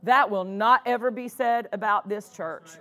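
A woman's voice: medium pitch, moderate pace, sharp tone. A woman pastor preaching a sermon in a church, punctuating her points with exclamations of praise. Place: church sanctuary.

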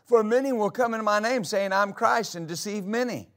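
Male pastor, high voice, preaching a church sermon with rhetorical questions. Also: normal speed, fairly bright tone. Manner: preaching with rhetorical questions, reading scripture aloud.

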